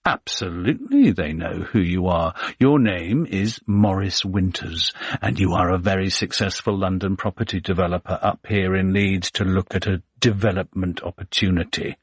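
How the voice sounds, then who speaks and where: A man's voice: low-pitched, normal speed, hardly any pauses, husky, no room sound, studio quality. A man voicing a sly male fixer who talks in a teasing, sardonic way.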